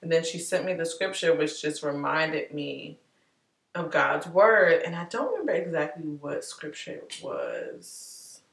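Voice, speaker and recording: A woman vlogger talking candidly and warmly to her viewers, chatty and heartfelt, calling them y'all. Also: low voice, echoey room, distant mic. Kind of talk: candid personal vlog talk.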